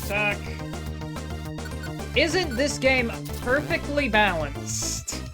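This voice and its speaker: A woman's voice: high-pitched, sing-song, very slow. A young Australian woman giving casual, chatty live-stream commentary, swearing freely and making self-mocking asides. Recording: game music in background.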